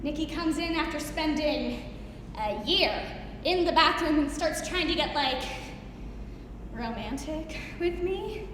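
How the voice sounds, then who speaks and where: A woman's voice: high-pitched, animated, takes it slowly, noisy background. A young woman performing a musical theatre recital, telling a comic story with bursts of laughter and singing. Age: young adult. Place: recital stage in a hall. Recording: echoey hall recorded from far off. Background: piano accompaniment.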